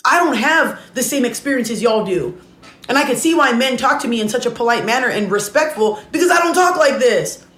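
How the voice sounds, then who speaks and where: A woman's voice: fairly high pitch, lively intonation, a little fast, a bit bright, reverberant. Blunt, indignant woman ranting to camera. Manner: blunt and indignant, addresses viewers directly; talks while eating. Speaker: online content creator. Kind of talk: reaction commentary rant.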